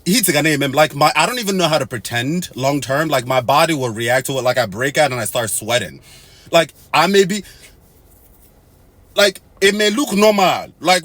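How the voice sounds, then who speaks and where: With no echo on the audio, a Nigerian man hosts an informal monologue straight to camera. He's animated, shifting from loud exclamations to low muttered asides, and slips in bits of Pidgin and Igbo.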